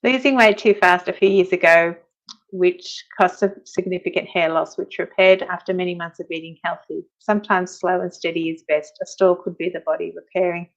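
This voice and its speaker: A woman's voice: lowish voice, steady tone, brisk, highs cut off. A woman chatting casually on a live stream as a guest, reading out viewer comments and talking about her own progress.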